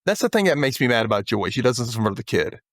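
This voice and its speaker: A man's voice: mid-range voice, rapid-fire, no room sound, studio quality. A man hosting a podcast, recapping a TV episode in casual chat and acting out the characters' lines. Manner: animated retelling, acts out characters' lines. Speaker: podcast host.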